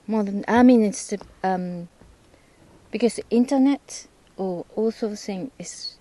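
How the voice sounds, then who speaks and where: A woman talks slowly in a mellow, relaxed voice. Her English is halting, and she pauses often to search for the right words. The conversation stays casual throughout. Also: medium pitch, low-quality recording. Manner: hesitant non-native English, searching for words. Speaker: host, English learner. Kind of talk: casual chat.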